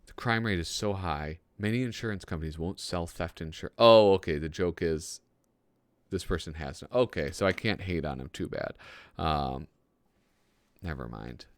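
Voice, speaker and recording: A man's voice: sits low, moderate pace, no room sound. A man hosting a casual comedic commentary, reading old magazine jokes aloud with self-deprecating asides and frequent chuckles.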